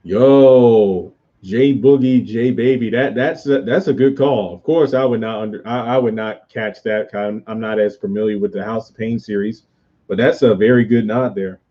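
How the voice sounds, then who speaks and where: A man's voice: on the low side, steady tone, normal speed, muffled recording. A man hosting a casual livestream, rambling as he answers viewers' comments aloud. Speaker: YouTube host reviewing a TV show.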